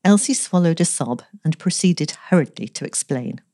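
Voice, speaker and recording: A woman reading a story aloud in a measured, gently expressive way, giving the characters light voices. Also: low voice, no echo, clean studio sound. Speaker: story reader.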